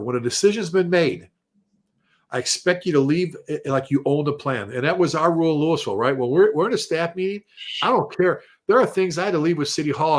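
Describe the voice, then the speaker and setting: A man, a retired fire chief, telling blunt, salty stories on a casual panel and acting out the voices of the people he quotes. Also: fairly high pitch. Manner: animated storyteller who acts out quoted voices.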